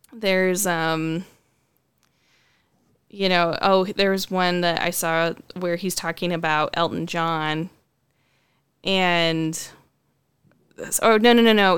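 Thoughtful woman, clear, dry voice. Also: lowish voice, dry recording. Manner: thoughtful, hedging with frequent ums and likes. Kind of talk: casual conversational chat.

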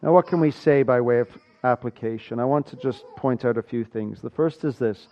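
A man from South Africa preaching a sermon, rising loud for emphasis and dropping to a hushed low voice. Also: brisk. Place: church. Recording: dull lo-fi sound.

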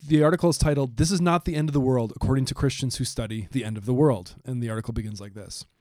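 A man co-hosting a casual podcast, joking with his co-host and reading quotes aloud at a slow pace. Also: medium pitch, darkish tone, dry recording, studio quality. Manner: reads quotes aloud slowly, jokey. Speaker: podcast co-host, biblical studies teacher.

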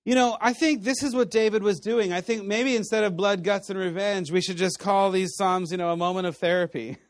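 A man with a fairly high voice preaches in a relaxed, conversational way, telling stories with plenty of animation. The sound is dry and close, with no room echo. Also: fairly quick. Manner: conversational, animated storytelling with laughs. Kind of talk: sermon teaching.

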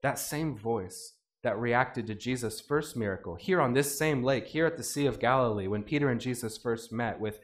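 A man preaching a sermon in an animated way, acting out the voices he quotes. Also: medium pitch, normal speed. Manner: animated, acts out quoted voices with rising intensity. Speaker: pastor.

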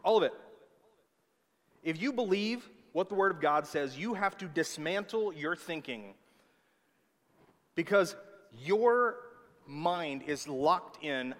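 A man's voice: on the high side, lively intonation, slow, long pauses, a bit bright. A man preaching a sermon with emphatic delivery, often checking in with his listeners. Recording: long hall reverb.

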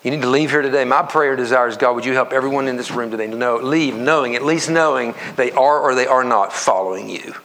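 A pastor preaching a sermon to his congregation in an earnest, conversational way, with repetitions and quick asides. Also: mid-range voice, a bit bright. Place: church sanctuary.

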